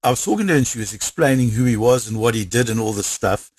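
A South African man recounts events with energy, voicing the people he quotes as he goes. His voice is husky. The recording is dry and close. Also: mid-range voice, quick pace, no room sound. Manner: lively, acts out quoted dialogue. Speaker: interviewee. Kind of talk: animated storytelling.

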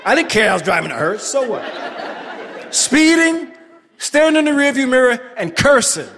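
A man with a Bronx accent tells a comic story live on stage, with a voice pitched very high for a man. He is animated, bursting into shouts for effect. His voice carries into a long, ringing hall reverb. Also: normal speed, slight background noise. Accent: New York, Bronx.

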